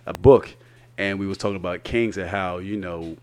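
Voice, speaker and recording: A man's voice: sits low, moderate pace, darkish tone. Laid-back man in casual podcast chat. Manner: laid-back, often trailing off with "you know what I mean". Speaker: podcast co-host.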